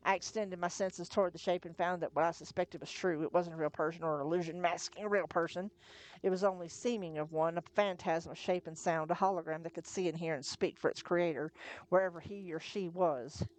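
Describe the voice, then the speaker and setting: Brief: woman reader, lowish voice, steady first-person storytelling on a live stream, small slips corrected on the fly. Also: a little fast. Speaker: narrator, reader. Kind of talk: live reading of a novel, first-person narration.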